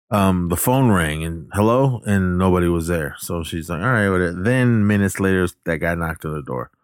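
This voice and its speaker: A man's voice: low voice, no echo, clean studio sound. A man casually retelling a film plot, rambling, backtracking to correct himself and briefly acting out the characters' lines. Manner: acts out the characters' lines in passing.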